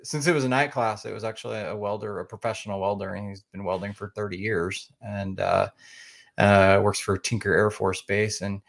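A man's voice: on the low side, little pitch movement, normal speed, vocal fry. A man from Oklahoma with a slight Oklahoma accent, a podcast guest chatting casually and rambling with many fillers and restarts. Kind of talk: casual interview chat.

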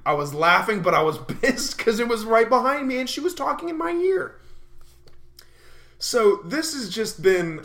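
A man's voice: high-pitched, a bit bright. A young man in his early twenties hosting a podcast, ranting animatedly in a casual monologue and laughing often. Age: early 20s. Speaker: podcast host.

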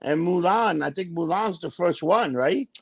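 A man's voice: high voice, lively intonation, normal speed, husky. A man in casual chat as a podcast co-host, profane and gossipy, laughing often.

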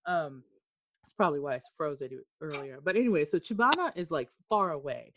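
A woman's voice: low-pitched, brisk, a little hiss or hum. A young woman from Okinawa telling a story on a video call, swearing freely and acting out what she said. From Okinawa, Japan. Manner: animated, swears freely, quotes herself. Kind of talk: casual storytelling. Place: home in Texas during a storm.

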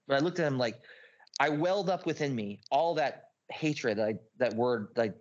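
A man telling a story as a podcast guest, rambling and excitable, swearing a lot and packing his talk with filler words. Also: mid-range voice, fairly quick, highs cut off. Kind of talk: casual storytelling.

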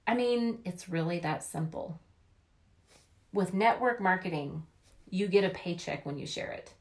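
A woman's voice: lowish voice, unhurried. A woman giving an upbeat, chatty motivational talk about network marketing, often acting out quoted voices.

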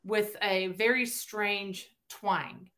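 Woman, Tennessee Southern accent, podcast guest, animated storyteller, acts out quotes. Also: medium pitch, very slow. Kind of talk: casual interview chat.

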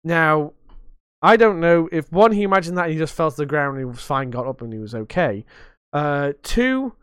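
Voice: medium pitch, expressive, normal speed, fairly bright tone, clean tone, dry recording, studio quality. A young adult podcast host chatting casually, rambling and swearing freely with a self-mocking streak.

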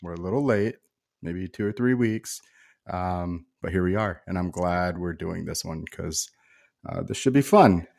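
A man's voice: low-pitched, unhurried, vocal fry, darkish tone. A man hosting a horror movie podcast in a laid-back, casual way, full of fillers and calling people dude. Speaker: podcast host.

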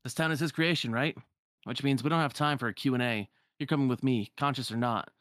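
A man's voice: mid-range voice, a little fast, a bit bright, no room sound, clean studio sound, natural voice. A man voicing a cocky young cloaked man who talks in brash, breezy quips.

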